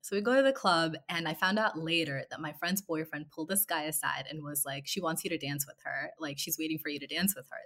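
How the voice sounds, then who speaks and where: Low-voiced woman telling a casual story. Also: fast, few pauses, a bit bright. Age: 20s. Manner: chatty, many fillers and quoted dialogue. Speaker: guest telling a dating story.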